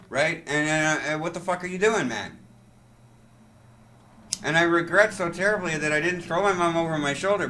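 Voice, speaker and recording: A man giving an impassioned, rambling monologue to camera, urgent and halting with many restarts. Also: on the high side, sharp tone. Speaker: vlogger.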